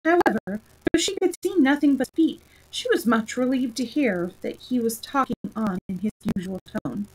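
A woman narrating a children's storybook aloud in a gentle, steady manner. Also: on the high side, normal speed, few pauses, slight background noise, rough recording.

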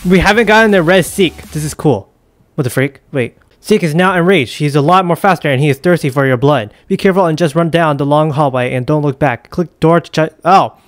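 A man giving excitable let's play commentary, yelping and exclaiming at scares. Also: on the high side, no room sound. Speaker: gaming YouTuber.

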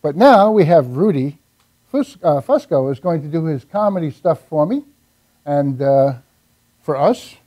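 A man hosting a live show, introducing the next act in a loose, halting way. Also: fairly high pitch, lively intonation, muffled recording. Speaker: host.

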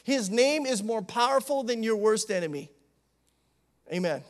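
High-voiced man preaching a sermon. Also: moderate pace. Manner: conversational preaching with frequent "you know" and "amen"; animated, acts out the disciples' pleading. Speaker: associate pastor.

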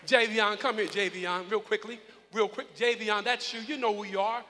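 A male pastor preaching a live sermon, calling on congregation members by name and breaking into loud shouts. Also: sits high, fairly even intonation, moderate pace, few pauses, slight background noise. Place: large church hall. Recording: live in a reverberant hall with congregation.

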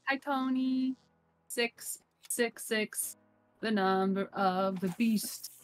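A chatty woman streamer talking casually over a game, swearing freely and reading out chat messages. Her voice sits a little high, with faint music in the background. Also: very slow.

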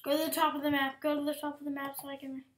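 A woman giving casual gaming commentary, excitable, with frequent exclamations and whispered asides. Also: high voice, racing. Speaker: gameplay commentator.

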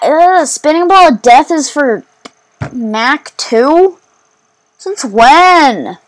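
A woman narrating her own gameplay, bursting into excited cries and then mocking herself as she rambles on. Her voice sits a little high and swings widely in pitch, while her pace stays unhurried between the outbursts. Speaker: gamer. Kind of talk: let's play commentary.

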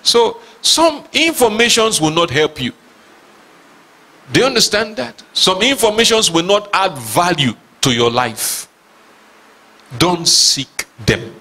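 Bright-voiced man preaching slowly. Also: sits high, very animated. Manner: emphatic preaching, asks the congregation questions; reads scripture aloud dramatically. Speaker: pastor. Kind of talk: sermon.

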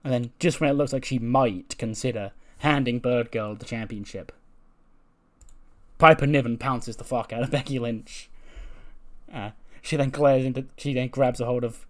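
A man giving casual let's-play commentary, recapping storylines with fillers, quick laughs and the odd swear. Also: mid-range voice, fairly even intonation. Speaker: gaming YouTuber.

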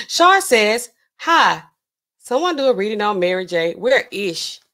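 Taking things slowly in a fairly high voice, a woman pharmacist hosts a casual livestream. She chats loosely with features, reads out and responds to comments from viewers, and laughs often, her animated reactions marked by big shifts in her voice.

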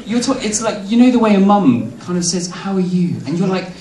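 A young man performing a cheeky stand-up comedy set, with quick asides to the crowd. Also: high voice, lively intonation, heavy background noise. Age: young adult. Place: large hall on stage. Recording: echoey hall from far off, loud crowd laughter.

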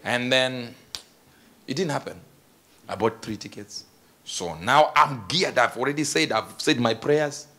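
A man preaching a sermon as a story, animated and jokey, laughing between his lines. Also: mid-range voice, a little slow, a little hiss or hum.

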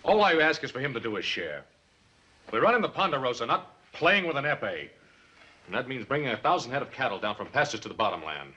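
An actor playing a stubborn, dutiful eldest son who talks in a clipped, stern way in a 1950s TV western. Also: male voice, mid-range voice, big pitch swings, fast talker, pushed and bright, slightly rough, dull audio, exaggerated voice.

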